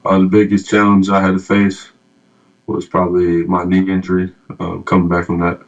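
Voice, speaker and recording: Young man, very low and flat; soft-spoken, hesitant answers; dull lo-fi audio. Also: normal speed. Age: young adult. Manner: soft-spoken, many fillers. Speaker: rookie athlete interviewee. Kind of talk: interview answers.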